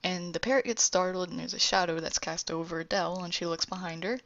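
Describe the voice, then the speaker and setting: A woman talks through a pitch for her own animated show, rambling and correcting herself as she goes. Her voice is low and gravelly. The sound is dry and dull, like a cheap home mic. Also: fast talker, no room sound. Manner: rambling, with fillers and self-corrections. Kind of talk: casual pitch narration.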